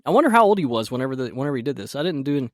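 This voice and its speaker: A man hosting a casual solo podcast, his voice croaky and stuffed up from sinus trouble, rambling and laughing at himself. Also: mid-range voice, sing-song, rapid-fire, dry recording, studio quality. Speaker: podcast host.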